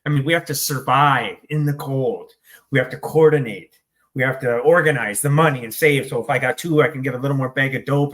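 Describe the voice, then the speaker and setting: A man's voice: mid-range voice, a bit bright. A man speaking as an interview guest about recovery, telling his story candidly in a blunt, profane, hyper way. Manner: hyper, rapid-fire delivery.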